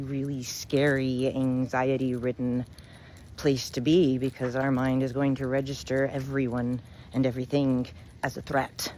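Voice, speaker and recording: A woman storyteller and spiritual reader, telling a fable and reflecting on it in a measured, gentle way. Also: extremely low pitch, slight background noise.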